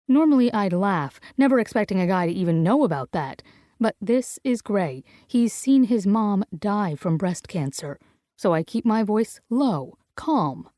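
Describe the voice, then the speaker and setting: A woman's voice: mid-range voice, expressive, a little slow, mellow, no room sound, clean studio sound. Woman narrating a first-person romance. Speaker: audiobook narrator.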